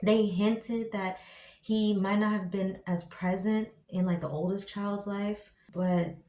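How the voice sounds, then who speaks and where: A woman's voice: mid-range voice, slow pace. Exasperated slangy woman in echoey room. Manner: exasperated, slangy, animated ranting. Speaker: show reviewer. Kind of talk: casual opinion commentary.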